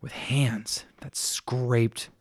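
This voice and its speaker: A man reading a story aloud in a steady, plain narrating style. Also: mid-range voice, extremely slow, no room sound, in a whisper, clean studio sound.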